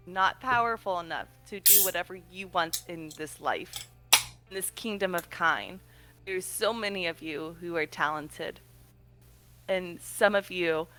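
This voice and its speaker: A woman voicing a modest young heroine who speaks in an earnest, halting, self-deprecating way. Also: lowish voice, bright, forceful tone, clear, resonant tone, rough recording. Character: modest young woman hero giving a speech.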